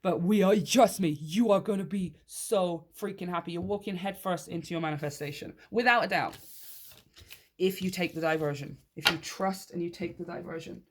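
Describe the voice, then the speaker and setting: A woman giving a tarot reading to her viewers, emphatic and animated, often checking in with them. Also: lowish voice, normal speed, slight background noise. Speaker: tarot reader. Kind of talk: direct-to-camera tarot reading.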